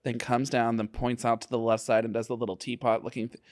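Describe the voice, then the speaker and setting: A young man of middling pitch co-hosts a casual podcast. He is wry and teasing, dropping dry quips between longer rambling stories. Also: little pitch movement, quick pace, a little mellow. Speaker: podcast co-host. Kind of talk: casual chat.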